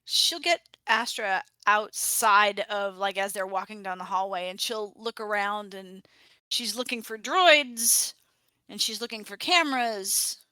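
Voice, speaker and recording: A woman voices her character in a tabletop game, narrating what the character does in the third person. Her voice is bright and very clear, recorded close and dry. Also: medium pitch, a little slow, no echo.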